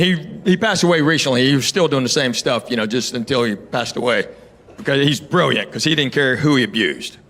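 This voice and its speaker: A man's voice: medium pitch, a bit bright. A middle-aged man from Tennessee, doing a stand-up set and telling stories with quoted voices and playful asides to the crowd. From Knoxville, Tennessee. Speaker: stand-up comedian. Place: comedy stage with live audience.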